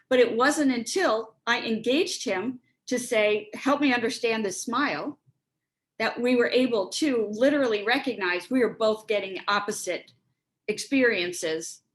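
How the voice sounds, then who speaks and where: A woman's voice: a little high, poor audio. Earnest woman giving a workshop talk. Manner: earnest, reflective, acts out quoted dialogue. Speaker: speaker on resilience and relationships.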